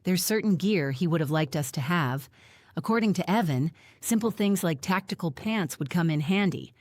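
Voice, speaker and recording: Woman, audiobook narrator, steady, reflective, lowish voice, dry close sound. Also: normal speed, dry recording. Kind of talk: scripted first-person audiobook narration.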